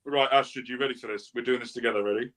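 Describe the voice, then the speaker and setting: A man's voice: medium pitch, steady tone, rapid-fire, fairly bright tone. A young English man hosting a casual wrestling review show, rambling and jokey. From England. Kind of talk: casual chat.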